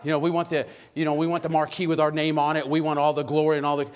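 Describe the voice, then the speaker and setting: A man preaching a sermon with lots of energy, calling out questions to the congregation and shouting at high points. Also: completely flat delivery, rapid-fire, hardly any pauses, clean tone. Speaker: pastor. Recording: long hall reverb.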